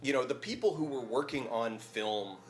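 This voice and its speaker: A man's voice: mid-range voice, moderate pace. A man guesting on a casual charity stream chat, explaining ideas thoughtfully and at length with many "like" fillers. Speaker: guest video essayist.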